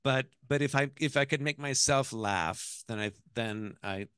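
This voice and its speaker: A man, an author, talking about his book in a bookshop conversation, in an animated, chatty way with many restarts. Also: mid-range voice, unhurried, smooth, no echo.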